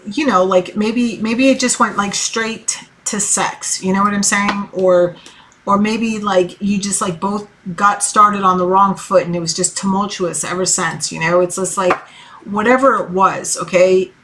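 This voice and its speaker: A woman's voice: mid-range voice, steady tone, a little slow, a bit bright. A woman in her thirties giving a casual tarot reading, loose and encouraging, with lots of swearing and fillers. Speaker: tarot reader.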